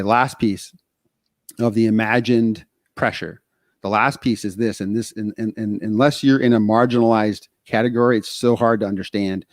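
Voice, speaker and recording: A man from Texas co-hosting a podcast, talking casually in animated stretches, full of fillers and restarts. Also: fairly low pitch, no room sound, studio quality. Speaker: podcast co-host.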